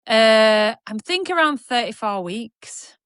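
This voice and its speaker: A woman's voice: on the high side, animated, measured pace, a bit bright, smooth, no room sound, studio quality. A woman, co-hosting a podcast in a chatty, rambling, self-mocking way and laughing easily. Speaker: podcast co-host. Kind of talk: casual chat.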